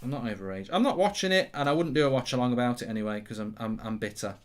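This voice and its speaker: Speaking very fast at a medium pitch, a man hosts a football watchalong live stream. His casual chat rambles and turns sarcastic, broken by bursts of swearing and singing along.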